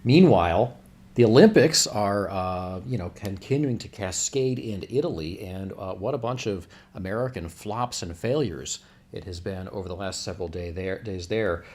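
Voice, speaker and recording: A man's voice: low-pitched, expressive, moderate pace, darkish tone. A man hosting a livestream, rambling through the news with wry self-corrections. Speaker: livestream host.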